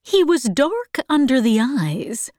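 A woman performs a full character voice as a fussy, meddling middle-aged aunt with a reproachful manner, pitched above her own voice. The delivery is high-pitched with big pitch swings, a slow pace and a darkish tone. It's studio quality with no echo.

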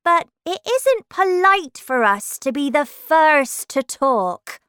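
A rude, snooty talking rose, as a woman reading a storybook puts her on. She drawls her words loudly with a sneer, in a high voice that leaps around. It is recorded close and dry. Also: big pitch swings, dry recording, exaggerated voice. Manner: loud, drawn-out, sneering delivery.

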